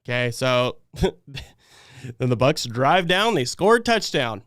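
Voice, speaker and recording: A man hosting a fan livestream, ranting in frustration after a loss, swinging between loud outbursts and low muttering. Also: very animated, takes it slowly, no room sound, clean studio sound. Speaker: fan podcast host. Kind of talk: post-game fan rant on a livestream.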